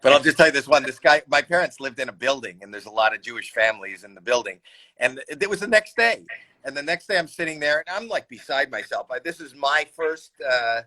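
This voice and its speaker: Animated man telling a story. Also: mid-range voice, brisk, poor audio. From Canada. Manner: animated storyteller, shouts and voices people in anecdotes. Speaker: comedian guest. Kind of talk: casual storytelling chat. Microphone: video call.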